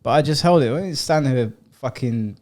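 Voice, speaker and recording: A man's voice: medium pitch, moderate pace. A young man, co-hosting a podcast and telling stories bluntly and with lots of swearing. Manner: blunt, swearing, animated storytelling. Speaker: podcast co-host. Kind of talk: casual chat.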